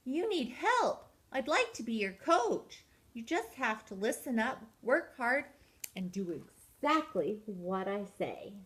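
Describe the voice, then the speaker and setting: A bossy, cheerful little girl calls out orders with a lively, bouncing voice, as a grandma reads her aloud. She shouts her commands with eager excitement. Her words come out slow and spaced. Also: on the high side, full character voice. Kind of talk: storybook reading.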